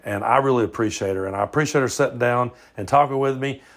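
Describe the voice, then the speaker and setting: A man's voice: mid-range voice, quick pace, gravelly. A man with a Southern US accent hosting an amateur podcast, talking loosely and swearing freely as he records on his phone. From southern United States. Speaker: podcast host. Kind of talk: casual podcast monologue.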